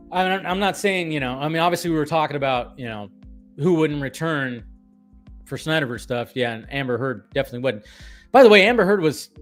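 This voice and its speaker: Male streamer, slightly high pitch, loose profane rambling delivery over faint music. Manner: animated, profane, rambling with restarts. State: tired and caffeinated. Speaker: film commentary streamer. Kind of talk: casual livestream rant.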